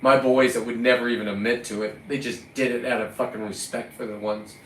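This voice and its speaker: A man's voice: medium pitch, steady tone, brisk, a bit bright. A man from California, a lobster fisherman, delivering a combative, profane vlog rant and scolding the lobsters he caught. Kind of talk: ranting vlog monologue. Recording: roomy, distant mic, faint ambient noise.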